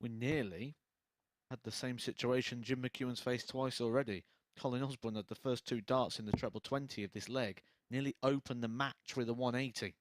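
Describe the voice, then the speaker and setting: A man's voice: medium pitch, fairly even intonation, moderate pace, no echo. A man commentating on a darts match from a commentary box, mixing play-by-play with wry jokes. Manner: wry, jokey observations. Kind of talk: live sports commentary.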